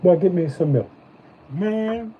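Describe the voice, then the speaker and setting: A man hosting a live stream, chatting casually as he reviews snacks, animated and slangy. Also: high-pitched, slow pace, highs cut off, a little hiss or hum. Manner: animated, loose slangy talk.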